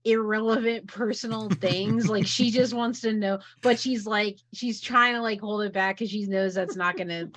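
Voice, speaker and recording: A woman playing a tabletop role-playing game, speaking unhurried and thoughtful. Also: mid-range voice, steady tone, a bit bright. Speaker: player.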